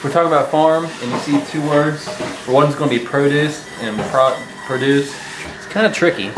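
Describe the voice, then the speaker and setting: A man giving a casual home-made English lesson, talking loosely with many fillers and restarts, and slowing down to read his example sentences aloud. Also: on the high side. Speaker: English teacher. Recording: echoey room with clear kitchen noise.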